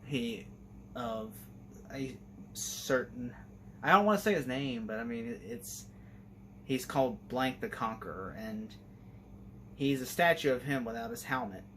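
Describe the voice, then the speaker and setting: Rambling, excited male series reviewer. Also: mid-range voice, measured pace, pauses often, slight background noise. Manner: rambling and enthusiastic, heavy use of "like". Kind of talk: casual spoken review.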